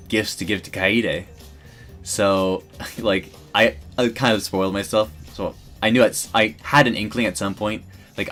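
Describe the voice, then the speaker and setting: A man's voice: low-pitched, fairly bright tone. A man streaming, talking casually and emotionally in a rambling way with many restarts.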